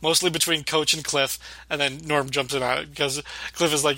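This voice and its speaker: A man co-hosting a casual chat about a sitcom, relaxed, often laughing and quoting characters. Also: on the high side, a little fast, no room sound. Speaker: podcast co-host.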